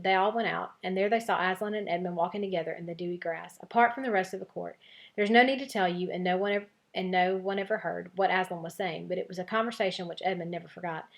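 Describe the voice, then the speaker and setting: A woman teacher reading a children's novel aloud to her class, with expressive storytelling narration. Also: lowish voice.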